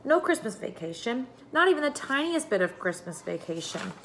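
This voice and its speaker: A woman voicing a bold, cheeky young girl who talks loud and bossy, in a storybook read-aloud. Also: fairly high pitch, animated, moderate pace, voice pushed up. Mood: indignant.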